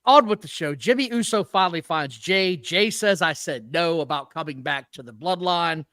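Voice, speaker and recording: A man's voice: a little high, lively intonation, normal speed, fairly bright tone, no echo, studio quality. A man co-hosting a wrestling review podcast in casual chat, ranting bluntly and with exasperation. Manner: blunt, exasperated rants with profanity.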